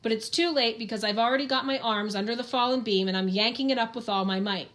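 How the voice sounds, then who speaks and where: A woman's voice: fairly high pitch, fast talker, a bit bright. A woman reading a first-person audiobook in an earnest, plain-spoken storytelling manner. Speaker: audiobook narrator.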